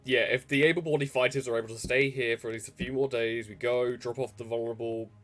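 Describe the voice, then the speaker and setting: A man's voice: mid-range voice, steady tone, fast, fairly bright tone. A man chatting casually as a player at a tabletop role-play, laughing often and talking animatedly. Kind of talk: casual chat at a tabletop game.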